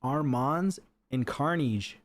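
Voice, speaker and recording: Streaming from his home setup, a man gives live commentary on his matches, talking straight to his viewers. His pitch sits in an ordinary middle range and his pace is slow, yet he stays chatty and excitable and laughs often.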